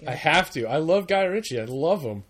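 A man's voice: on the high side, lively intonation, moderate pace. A man co-hosting a podcast, talking enthusiastically and laughing easily in casual chat. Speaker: podcast co-host.

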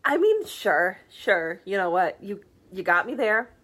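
A woman's voice: mid-range voice, big pitch swings, unhurried, a bit bright. A young woman co-hosting a podcast, easygoing and teasing in casual chat, often restarting her sentences. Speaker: podcast co-host.

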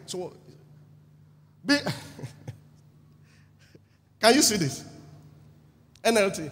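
A male preacher with a high, lively voice that swings up and down as he acts out crowd scenes and questions his listeners. His voice carries a long reverb from a church hall. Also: measured pace, long pauses. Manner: animated, acts out the crowd and asks the congregation questions. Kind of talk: sermon.

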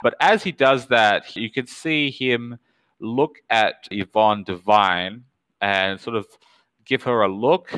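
Male game master, low and smooth, dry close sound, measured narration. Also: fairly bright tone, no room sound, poor audio. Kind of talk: narrating a tabletop horror game.

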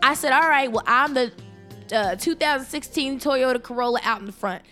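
A woman hosting a podcast, telling a story in a casual, animated, exasperated way with speech. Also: high voice, brisk, soft background music. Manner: animated, exasperated retelling with voiced reactions. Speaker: podcast host.

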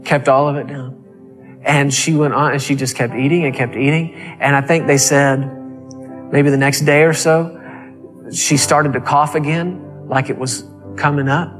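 A man preaching a sermon, telling a story with emphatic repeated phrases. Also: a little high.

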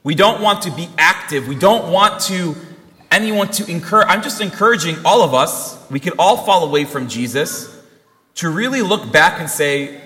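A man's voice: a little high, lively intonation, normal speed, pushed and bright. A young man, a priest, giving an earnest Christmas sermon and telling a family story with quoted dialogue. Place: church. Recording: long reverb of a church hall.

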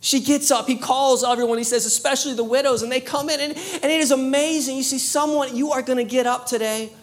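A woman preaching a sermon, telling a story with lively animation, often repeating words and restarting. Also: high-pitched, fast. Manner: animated storytelling, laughing at herself.

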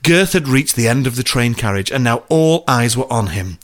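A man's voice: mid-range voice, expressive, normal speed. A man hosting and reading an interactive story aloud, playful and often laughing. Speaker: storyteller and game host.

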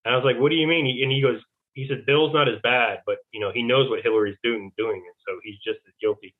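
A man rambles as a phone-in guest, his voice squeezed thin through a tinny phone line. He talks at an ordinary pitch, stacking fillers and retelling old conversations. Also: steady tone, fast. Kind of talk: rambling phone interview storytelling.

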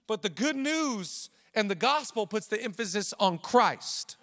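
Male pastor, high voice, energetic preaching, long church-hall reverb. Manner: animated preaching with quick asides and playful voices. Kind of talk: sermon.

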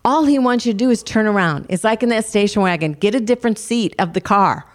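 Speaking fast with lively intonation in a mid-range voice, another older woman co-hosting a faith talk show offers devotional encouragement. Her family stories are delivered with earnest warmth toward listeners.

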